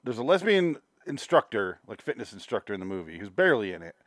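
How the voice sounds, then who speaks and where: A man co-hosting a casual movie-review chat with sardonic, deadpan jokes and some swearing. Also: fairly low pitch, fast talker, no echo, studio quality. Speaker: podcast co-host.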